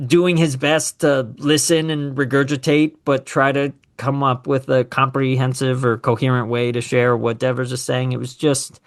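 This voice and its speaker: A man hosting a casual sports talk show, animated and opinionated, with sarcastic asides. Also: medium pitch, normal speed, few pauses. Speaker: podcast host.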